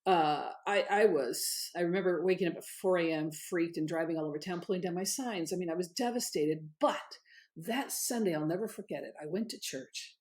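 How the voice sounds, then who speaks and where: A middle-aged woman, a guest on an interview show, telling stories in an animated, emphatic way. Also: on the low side, brisk. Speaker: guest, author and former candidate. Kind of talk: conversational interview storytelling.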